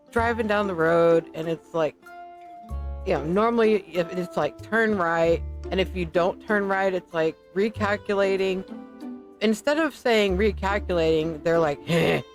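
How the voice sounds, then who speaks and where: A woman's voice: on the low side, animated, a little slow, faint music behind. A woman streaming a co-op game, chatting casually with friends and swearing freely as she jokes. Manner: profane, teasing. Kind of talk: casual gaming chat.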